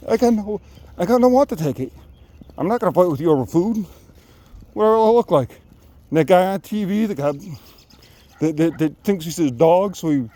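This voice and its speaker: A man's voice: a little high, mellow. A man talking as a dog trainer while walking his dog, rambling, restarting words and out of breath. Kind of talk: rambling talk to camera.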